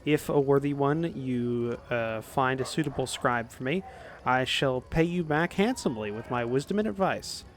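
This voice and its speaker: A man's voice: mid-range voice, moderate pace, close to an everyday voice. A man voicing a flowery female foreign traveler in a video game, reading her ornate lines in his own voice. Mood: grandiose. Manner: ornate, solemn phrasing.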